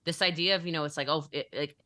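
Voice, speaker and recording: A woman's voice: low-pitched, steady tone, quick pace, bright, forceful tone, no room sound. A young adult woman talking as a business coach in a motivational podcast interview, emphatic and acting out the conversations she quotes.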